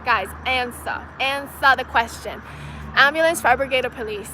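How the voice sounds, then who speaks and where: A woman's voice: high voice, moderate pace, background noise. A young woman from China hosting a casual livestream outdoors, chatting loosely with lots of "like" and "you know" and laughing often. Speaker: livestream host answering viewer comments. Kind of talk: casual chat.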